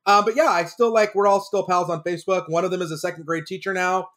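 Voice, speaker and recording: A man from Texas, a drama teacher, telling stories in casual comedic chat, animated and laughing as he goes. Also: high-pitched, fast. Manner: animated, laughs through his own stories. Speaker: drama teacher and podcast regular.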